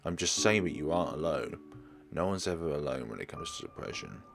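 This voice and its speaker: A man voicing a calm, caring young companion in a horror game, gentle and reassuring. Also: deep voice, a little fast, exaggerated voice.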